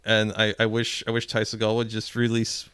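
A man co-hosting a casual comedy podcast with a hoarse, cracking voice, swearing and riffing. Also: fairly low pitch, completely flat delivery, moderate pace, fairly bright tone, dry recording, studio quality. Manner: swears a lot, riffs and restarts. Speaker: podcast co-host.

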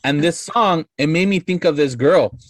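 A man in his thirties tells a story as a podcast guest, rambling and swearing freely, with "like" in nearly every sentence. His voice sits a bit high for a man, and the recording is dry and close with no room sound. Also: moderate pace, dry recording. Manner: rambling, profane, full of "like" fillers. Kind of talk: casual storytelling.

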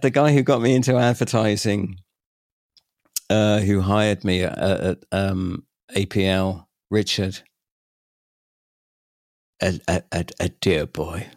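A man in his forties, a podcast guest, chatting and telling animated stories, laughing often and acting out quoted voices. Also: sits low, creaky, no room sound, clean studio sound. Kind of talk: casual storytelling chat.

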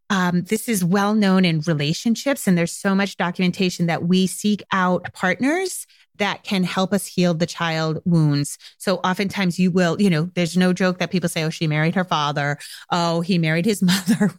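A woman's voice: fairly low pitch, no echo, clean studio sound. A woman hosting a podcast in a frank, conversational way, swearing casually and acting out short exchanges between people. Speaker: podcast host.

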